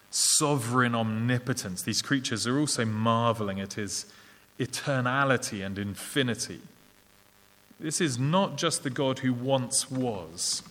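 A man with an English accent preaching a sermon, earnest and measured, with small fillers and restarts. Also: fairly low pitch, a bit bright. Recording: long reverb of a large hall.

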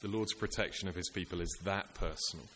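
A man's voice: deep voice, brisk, sharp tone. A man preaching a sermon, earnest and rhetorical, building his points through repetition and lists. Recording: echoey hall with faint hiss.

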